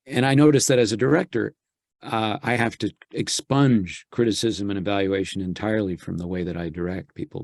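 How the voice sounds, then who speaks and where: Low-ish, creaky and a little mellow, this voice belongs to a voice actor being interviewed as a guest in a casual chat. The studio-quality audio has no echo, and he muses reflectively, frequently starting his thoughts over.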